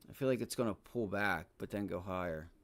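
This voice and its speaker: Frustrated swearing man trading live. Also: fairly quick. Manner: frustrated, swearing heavily, shouting outbursts; muttering to himself, low and deflated. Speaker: day trading livestreamer. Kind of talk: live trading stream commentary.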